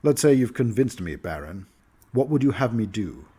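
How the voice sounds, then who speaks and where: A man reading the part of a proud, angry Grand Duke in a fantasy game story, in a low, dark voice. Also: big pitch swings, moderate pace, slightly rough. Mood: grave. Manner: forceful, indignant.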